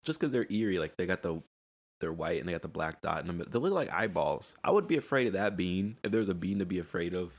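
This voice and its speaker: A man's voice: sits low, lively intonation, quick pace. A young man hosting a casual solo podcast, rambling in a laid-back way and laughing at himself. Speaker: podcast host. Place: at home.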